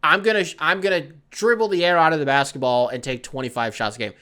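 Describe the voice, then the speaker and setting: Man doing a swaggering ballplayer; boastful, swearing, bright edge. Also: fairly high pitch, fairly even intonation, quick pace, smooth. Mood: brash. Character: cocky carefree male basketball player.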